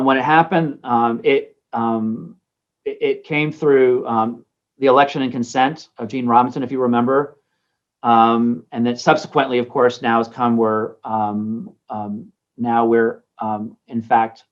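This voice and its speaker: A man's voice: medium pitch, dull audio. A man, a bishop, teaching a class in a conversational way, full of ums and anecdotes, over a video call. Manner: conversational, many ums and restarts. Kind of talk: informal lecture with anecdotes.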